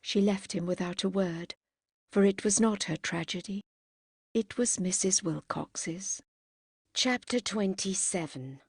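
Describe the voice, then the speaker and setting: A woman narrating a classic novel as an audiobook in a measured, expressive way. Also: medium pitch, husky, dry recording, studio quality. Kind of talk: scripted narration.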